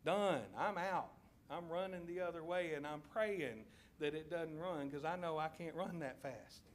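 A man preaching a sermon in a church, telling a story with lively checks of the congregation. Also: a little high, unhurried, slight background noise. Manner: animated storytelling, addresses congregation with "okay?". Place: church sanctuary.

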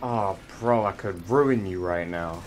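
A young man chatting casually while gaming on his stream, joking and swearing, yelling during fights. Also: deep voice, unhurried, background noise.

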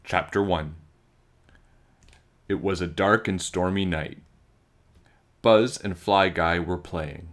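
A man reading a children's storybook aloud, with slow, expressive storytelling. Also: sits low. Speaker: children's book reader.

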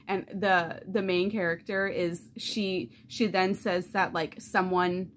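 A woman chatting casually in a reading vlog, animated and loose, swearing freely and saying "like" constantly. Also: fairly low pitch, slow pace, slight background noise. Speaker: book vlogger.

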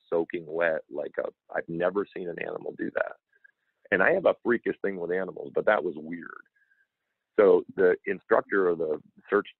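Male guest, low and gravelly, earnest storyteller, dry close sound. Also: dry recording. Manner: earnest, animated, acts out quoted dialogue. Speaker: interview guest, author. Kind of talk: emotional personal storytelling. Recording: tinny phone-like line.

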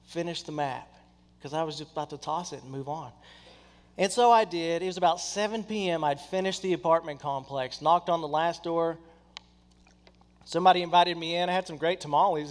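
Animated preacher man in a reverberant hall. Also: a little high. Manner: animated, acts out quoted people in his stories. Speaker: pastor. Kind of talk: sermon storytelling.

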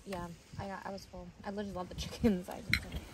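A woman's voice: mid-range voice, level tone, fast. Chatty woman dining on a beach. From California. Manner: chatty, laughs often, playful voices. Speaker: vlogger. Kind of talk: casual dinner chat. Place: outdoors on a beach at night. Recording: loud outdoor noise. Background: loud outdoor noise.

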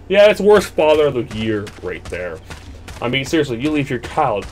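A man's voice: medium pitch, big pitch swings, moderate pace, slight background noise. A young man hosting a horror game playthrough, joking and rambling animatedly. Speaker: let's play host.

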